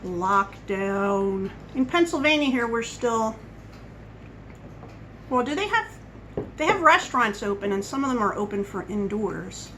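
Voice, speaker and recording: A woman vlogger chatting casually at home, wandering from one tangent to the next. Her voice sits a little high and very bright, with a faint hiss of background noise. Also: lively intonation, measured pace, long pauses, low-quality recording. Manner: rambling, chatty, goes off on tangents. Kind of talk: casual coffee-chat monologue.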